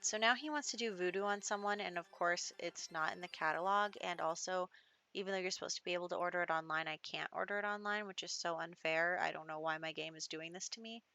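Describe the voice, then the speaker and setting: A woman's voice: on the low side, fast talker, pushed and bright. A young adult woman giving casual gameplay commentary, chatty and laughing often, with lots of fillers. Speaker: gaming YouTuber.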